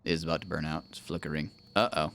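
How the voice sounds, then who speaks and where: Quick-paced and fairly even in intonation, this man has a bass voice with vocal fry yet a fairly bright tone. He's livestreaming a game with his wife, joking around, narrating his own plays and humming nonsense melodies.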